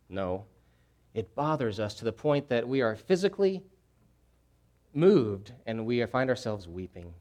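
Fervent preacher man, loud then hushed. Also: sing-song, unhurried. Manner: swings from hushed, grave lows to loud, fervent emphasis; repeats key phrases for emphasis. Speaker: pastor. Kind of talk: sermon.

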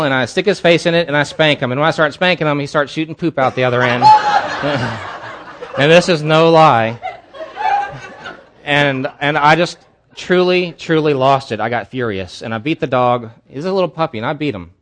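A man's voice: a little high, very animated, moderate pace, noisy background. A man preaching as a pastor at a church service, telling a candid personal story in an earnest way. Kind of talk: sermon.

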